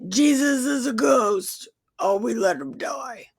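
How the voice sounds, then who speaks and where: A woman's voice: medium pitch, animated, unhurried, a little mellow, breathy edge, no room sound, voice pushed up. A woman voicing a group of terrified male disciples who screech and sob in panic.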